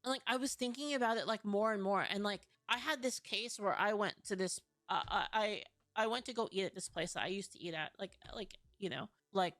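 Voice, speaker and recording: A woman's voice: medium pitch, brisk, hardly any pauses, a bit bright, no room sound. A young woman from California telling a story in a casual vlog, ranting, full of fillers and swearing. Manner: profane, filler-heavy, ranting.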